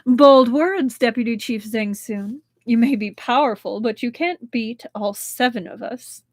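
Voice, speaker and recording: A woman reading aloud, voicing a composed young male official who answers with smooth, courteous evasion. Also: on the high side, unhurried, no room sound. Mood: mocking.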